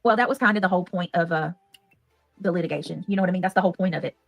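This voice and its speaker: A woman's voice: fairly low pitch, very fast, vocal fry, no room sound, soft background music. A woman chatting casually on a livestream, reading out and thanking donations.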